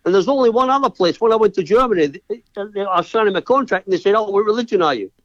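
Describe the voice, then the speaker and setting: A man in casual chat with a fairly high voice. He tells old stories in a relaxed way. His voice comes over a dry, dull call line. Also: fast, no echo. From Scotland. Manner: relaxed storyteller, laughs between lines. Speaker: guest, former footballer.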